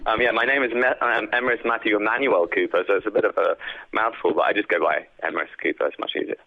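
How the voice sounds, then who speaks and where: A man's voice: fairly low pitch, fairly even intonation, fast talker, vocal fry, no echo. A man, a guest actor, talking earnestly and reflectively in a casual interview, heard over a phone line. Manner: reflective, earnest, with many fillers. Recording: tinny phone-line sound.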